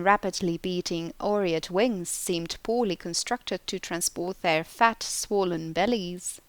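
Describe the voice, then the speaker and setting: A woman narrating an audiobook in slow, deliberate storytelling. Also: mid-range voice, clean tone, dry recording. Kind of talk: scripted narration.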